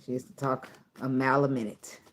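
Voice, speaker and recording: A woman's voice: a bass voice, a little mellow, husky. A woman giving a casual tarot reading, blunt and profane, often breaking into laughter. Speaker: tarot reader.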